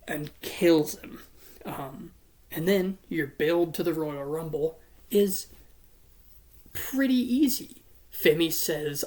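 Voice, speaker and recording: A casual voice walks through imagined wrestling matches blow by blow, in a middle pitch. The talk is blunt and swears freely, with a playful edge. It is an informal solo commentary. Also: slow, a little mellow. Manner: storytelling narration of imagined matches.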